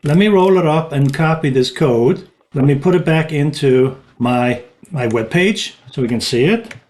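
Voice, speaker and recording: Male tutorial presenter, slightly high voice, casual screen-demo narration with small restarts. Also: animated, moderate pace, a little mellow. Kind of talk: screen-recorded software walkthrough.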